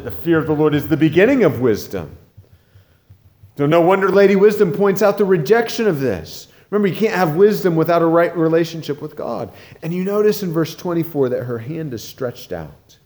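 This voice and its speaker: A male preacher delivers a sermon in an earnest, urgent manner. His voice climbs loud when he presses a point, then drops low and hushed. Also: in a large hall. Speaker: pastor.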